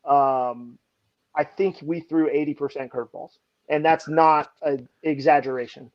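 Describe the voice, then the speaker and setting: A man and baseball pitching coach telling an animated story in a casual podcast chat, leaning heavily on "like". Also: a little slow, dull audio. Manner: animated anecdotes, heavy use of "like".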